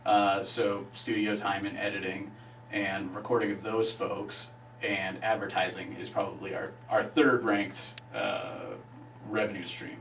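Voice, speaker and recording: Low-voiced man, far from the mic. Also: expressive, gravelly, a bit bright. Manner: hesitant, many "uh" pauses. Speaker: radio station staff member. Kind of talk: explaining in an interview. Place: radio station. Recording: echoey room, off-mic, faint hum.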